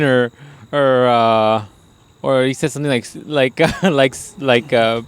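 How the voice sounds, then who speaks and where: A man's voice: mid-range voice, steady tone, normal speed, clear, resonant tone. A man hosting a podcast in casual chat, telling rambling, profane stories and laughing. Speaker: podcast host.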